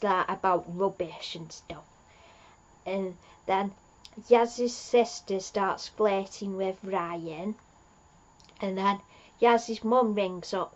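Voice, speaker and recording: A woman recaps an episode at an unhurried pace, rambling from one thing to the next with many fillers and restarts. Her voice sits in a middle range. The recording sounds muffled and lo-fi. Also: mid-range voice. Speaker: fan reviewer.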